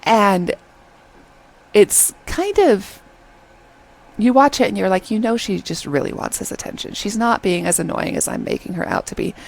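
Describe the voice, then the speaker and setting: Gravelly, husky woman reviewing a drama. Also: medium pitch, normal speed, low-quality recording. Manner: chatty, animated retelling, keeps asking "okay?". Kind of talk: casual video review.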